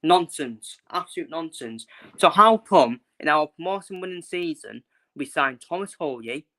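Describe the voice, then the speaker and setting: A man's voice: fairly high pitch, expressive, normal speed, bright, forceful tone. A young man ranting casually in his own vlog, frustrated and blunt, repeating himself and swearing. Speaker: football fan vlogger. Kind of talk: casual opinion rant.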